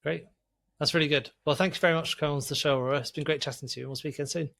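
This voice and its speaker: An enthusiastic man hosting a podcast, chatting eagerly with his guest. He talks fast in a slightly high voice, and faint music plays behind him. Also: steady tone, vocal fry, fairly bright tone. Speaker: podcast host. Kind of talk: podcast interview and sponsor read.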